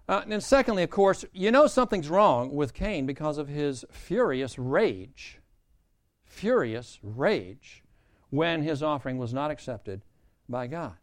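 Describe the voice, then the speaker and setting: A man preaching a sermon as a pastor, emphatic and repeating key phrases for weight. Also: fairly high pitch.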